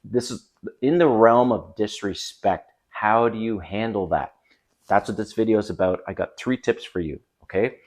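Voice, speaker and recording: A man's voice: on the low side, normal speed, a little mellow. A man giving blunt, emphatic dating advice straight to camera, swearing casually as he coaches. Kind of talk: direct-to-camera coaching talk. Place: home by a busy street.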